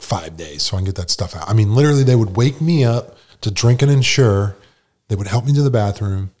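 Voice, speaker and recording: A middle-aged man from New York speaks as a guest, spinning a personal story in easygoing, slangy talk. His voice sits a little low. He keeps slipping into the voices of the people he quotes. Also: a little mellow. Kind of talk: casual storytelling.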